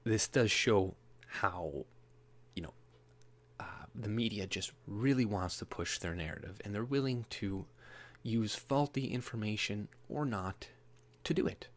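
Man, somewhat low voice, rambling casual commentary, frequent laughs, mocking impressions. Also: a little slow. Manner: rambling, mocking, laughs often, mimics opponents in higher voice. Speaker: political commentary vlogger.

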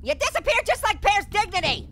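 Squeaky, sharp cartoon orange, very high and bouncy, a punning let's-play host who yelps at scares. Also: male voice, very animated, fairly quick, heavily acted. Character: hyper, wisecracking male talking orange. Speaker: gaming host. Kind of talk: comedic let's-play commentary.

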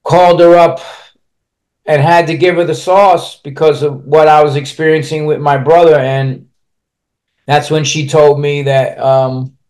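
A man's voice: fairly high pitch, fairly even intonation, measured pace, darkish tone. A man with a slightly raised voice recounts his own life as a podcast guest. He speaks bluntly and profanely, rambling through his story and restarting sentences as he goes. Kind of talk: candid personal storytelling.

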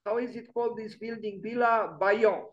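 A man's voice: high-pitched, fairly even intonation, normal speed, lo-fi sound. A man giving an online lecture on architecture, musing and emphatic, often restarting his sentences. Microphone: video call.

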